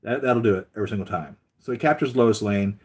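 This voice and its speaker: A man's voice: on the low side, fast, darkish tone, slightly rough. A man hosting his own channel, chatting casually and rambling with many fillers and restarts. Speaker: YouTube channel host. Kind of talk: casual chat.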